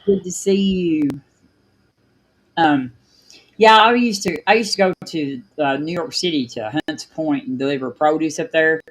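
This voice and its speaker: A man's voice: a little high, a little slow, rough recording. A man from Kentucky with an Appalachian hillbilly accent, chatting casually and a bit hesitantly as host of a group call. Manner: folksy, hesitant, lots of fillers. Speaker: streamer hosting a birthday call.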